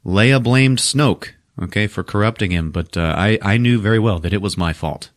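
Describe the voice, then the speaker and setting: A man casually recapping a movie for a podcast, swearing, laughing and acting out the characters in quick voices. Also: on the low side. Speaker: podcast host recapping a film.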